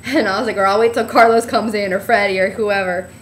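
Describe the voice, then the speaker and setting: A woman's voice: moderate pace, slight background noise. A young woman telling a chatty, rambling story of her trip in a casual vlog, acting out what people said. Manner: chatty storytelling, acts out quotes with a bright high voice. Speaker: vlogger.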